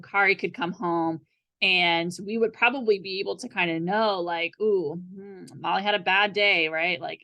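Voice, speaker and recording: A young woman with a fairly low voice teaches a therapy skills group. She talks casually and chattily, with plenty of fillers, and keeps checking in with her listeners. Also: pushed and bright. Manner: chatty, many fillers and "right?" tags.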